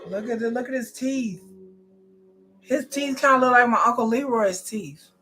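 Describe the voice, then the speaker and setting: A woman hosting a live watch party, commenting loudly, joking and swearing as she reacts to the screen. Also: a little high, moderate pace. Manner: loud, animated, profane and joking.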